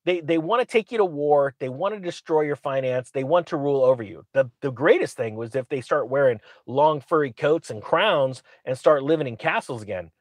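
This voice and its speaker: Sarcastic man with a lively, rising voice. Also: on the high side, a little fast, hardly any pauses, no echo. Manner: sarcastic, acts out quotes in mocking voices. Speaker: commentator. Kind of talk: opinionated commentary.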